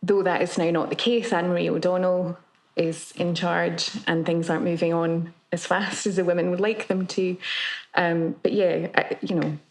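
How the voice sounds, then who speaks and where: A woman with a slightly low voice speaks thoughtfully in a kitchen-table chat. She weighs her points evenly as a journalist. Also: flat delivery, moderate pace. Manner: thoughtful, balanced. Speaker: newspaper journalist. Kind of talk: casual round-table chat.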